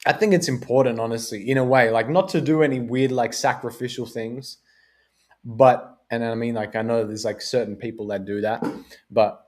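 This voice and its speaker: A man's voice: mid-range voice, fairly even intonation, moderate pace. A man with an Australian accent hosting a casual podcast chat, rambling and laughing often. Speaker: podcast host.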